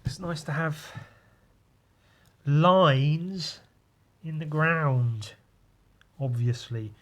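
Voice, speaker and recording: A man's voice: on the high side, very slow, a bit bright. A man hosting a drawing podcast, rambling through a comic page with crude, self-mocking jokes. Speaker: podcast host and comic artist.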